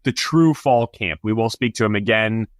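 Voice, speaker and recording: A man hosting a sports podcast in casual chat, chatty and quick with asides and laughs. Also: on the low side, dry recording, studio quality. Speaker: podcast host.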